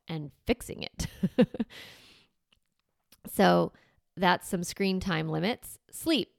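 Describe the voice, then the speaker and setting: Gravelly-voiced woman giving parenting advice. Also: mid-range voice, no echo, clean studio sound. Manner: conversational, acts out what parents say to kids. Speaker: parenting coach. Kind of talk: casual advice talk.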